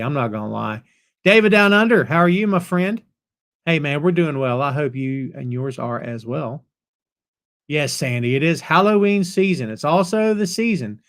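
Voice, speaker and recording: A man's voice: on the high side, a bit bright. A man hosting a wrestling podcast, chatting casually with live viewers and greeting them by name. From North Carolina. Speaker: podcast host. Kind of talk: casual chat reading live comments.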